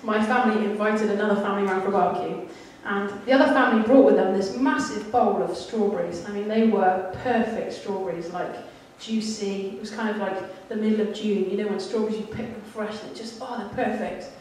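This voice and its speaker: A woman's voice: medium pitch, fairly even intonation, brisk, few pauses, a little mellow, a little hiss or hum. A woman giving a sermon, telling a candid, self-deprecating story about her childhood. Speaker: church speaker. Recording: echoey hall, mic at a distance.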